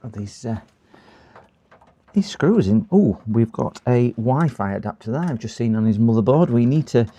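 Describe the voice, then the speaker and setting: Gravelly man chatting. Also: mid-range voice, lively intonation, moderate pace, mellow. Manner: chatty, rambling, laughs to himself. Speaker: computer repair streamer. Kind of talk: casual live-stream commentary while repairing.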